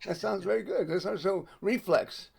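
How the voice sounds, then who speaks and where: A man hosting an interview over a video call, enthusiastic and quick to affirm and laugh. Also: sits high, creaky, a little mellow, breathy edge. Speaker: interviewer, host. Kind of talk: casual interview chat.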